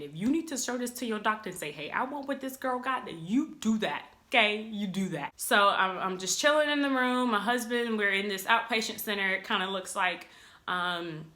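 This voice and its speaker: A young woman talks to her camera at home like she's catching up with friends, chatty and animated. Her voice has a bright, forward edge, and she slips into little acted-out quotes as she goes. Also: medium pitch. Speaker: vlogger. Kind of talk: casual storytelling to camera.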